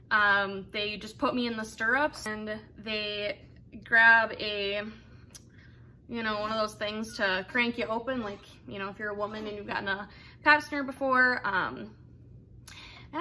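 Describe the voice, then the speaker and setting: A woman's voice: fairly high pitch, sharp tone. A young woman candidly telling a personal story in a casual, rambling way, full of fillers and asides. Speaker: vlogger telling her birth story.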